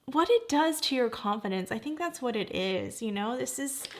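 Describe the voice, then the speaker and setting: A woman's voice: on the high side, lively intonation, moderate pace. A woman in her forties reviewing makeup in a casual, gushing way, often exclaiming in delight. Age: 40s. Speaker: beauty vlogger.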